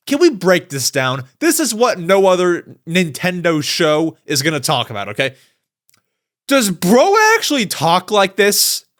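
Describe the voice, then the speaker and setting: Young male podcast host, fairly high voice that swings widely, chatty and slangy news commentary. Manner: animated, chatty, slangy asides.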